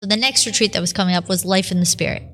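A woman's voice: mid-range voice, racing. A religious sister telling her vocation story in a podcast interview, acting out the voices she quotes. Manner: animated storyteller who acts out her own quotes.

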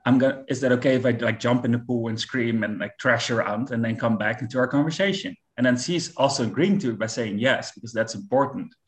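Earnest, reflective male relationship coach. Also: mid-range voice. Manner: earnest, reflective, halting with restarts and fillers. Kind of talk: casual podcast conversation.

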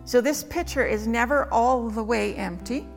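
A woman preacher giving a conversational sermon, full of rhetorical questions and quick "right?" asides. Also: fairly high pitch, creaky. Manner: conversational, asks many rhetorical questions with tag questions. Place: church hall. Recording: long reverb in a hall with faint music.

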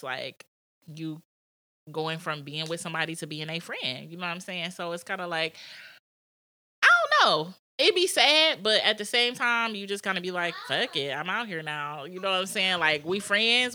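Young female co-host, low-ish and bright, frank and reflective. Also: no echo. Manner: reflective, frank, laughing asides. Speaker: podcast co-host. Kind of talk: casual podcast chat.

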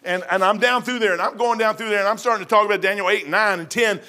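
A man preaching a testimony sermon, telling his story in an animated way with sudden loud bursts and some stammering. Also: sits high, fast.

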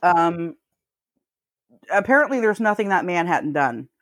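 A podcast co-host chats casually, telling stories packed with swearing and frequent laughter. Her voice is lowish with lively intonation, and she speaks a little slowly. The sound is studio quality with no echo.

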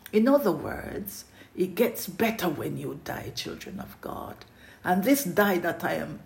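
Slow gravelly preacher, earnest, repeats himself a lot, goes soft and hushed, echoey room. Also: medium pitch. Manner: earnest, repetitive, often dropping to a hushed, intimate tone. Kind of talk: sermon.

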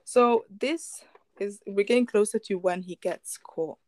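A woman's voice: medium pitch, unhurried, a little mellow, dry recording. Chatty woman casually retelling a story. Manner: rambling, many fillers and restarts, chuckling asides. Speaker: storyteller retelling a true crime case.

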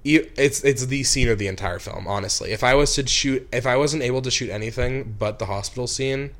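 Young man, film director, rambling storyteller, filler-heavy, flares up, mid-pitched voice. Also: fairly quick, fairly bright tone. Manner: rambling, heavy with "like" and restarts, flares into angry outbursts. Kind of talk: casual storytelling.

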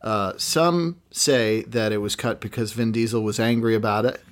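A man co-hosting a casual movie podcast, retelling a news story in a relaxed way with plenty of fillers. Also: lowish voice, moderate pace. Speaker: podcast co-host.

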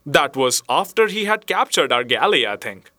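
A man reading a story aloud as narrator, in a measured storytelling manner. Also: fairly high pitch, big pitch swings, sharp tone, no room sound, studio quality. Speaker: audiobook narrator. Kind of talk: scripted narration.

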